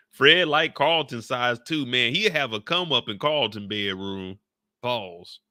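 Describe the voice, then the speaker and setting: A man's voice: medium pitch, slow, sharp tone, dry recording, clean studio sound. A man hosting a show recap in loose, slangy live commentary, laughing often and mimicking characters.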